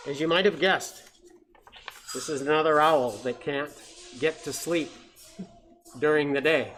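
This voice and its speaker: A man who works as an educator at a science center, reading picture books aloud to children in an animated storytelling manner and imitating bird sounds. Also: on the high side, normal speed, pauses often, a little hiss or hum.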